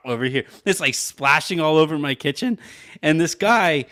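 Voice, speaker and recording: A podcast co-host with a slightly high, animated, somewhat bright voice spins a long story at normal speed. He rambles loosely, says "like" constantly, and laughs often in this casual storytelling chat.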